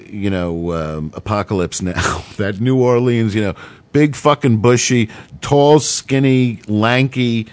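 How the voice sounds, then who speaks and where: A man's voice: fairly low pitch, takes it slowly, no room sound. A middle-aged man telling a long personal story in a rambling, profane way, full of fillers. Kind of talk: casual monologue.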